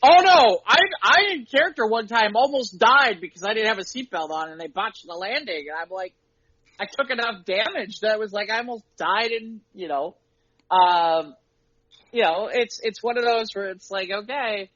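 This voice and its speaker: A man co-hosting a podcast and chatting casually about running tabletop games as game master, acting out his players' lines in quick voices. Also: high-pitched, pushed and bright, lo-fi sound. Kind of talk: casual chat.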